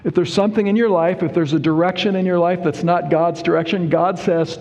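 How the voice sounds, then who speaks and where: A man preaching a sermon, explaining Bible verses word by word in a deliberate, emphatic way. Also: sits high, steady tone, a little mellow, lo-fi sound. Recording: reverberant hall.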